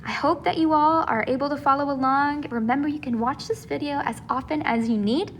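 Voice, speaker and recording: A high-pitched woman talks through a recorded lesson as a teacher, patient and encouraging as she walks through each step. A faint hiss sits under her voice. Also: brisk. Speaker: Spanish teacher.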